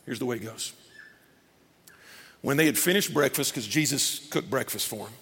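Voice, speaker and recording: A man preaching a sermon as pastor, animated, acting out scripture scenes. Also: mid-range voice, normal speed, vocal fry, husky. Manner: animated, acts out scripture scenes in character voices. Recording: long reverb of a large hall.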